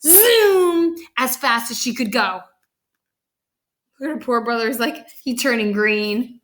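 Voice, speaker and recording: A woman reads a picture book aloud to children and chats about the illustrations along the way. Her voice is bright and a little high. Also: slow pace, slight background noise. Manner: chatty, reacting to the pictures.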